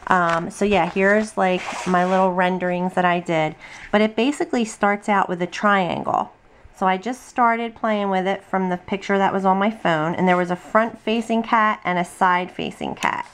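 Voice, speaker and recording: A woman's voice: mid-range voice, moderate pace, slight background noise. A tired, chatty middle-aged woman rambling through a casual drawing tutorial at her home desk, full of ums and asides. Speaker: craft video host. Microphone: camera on tripod at desk.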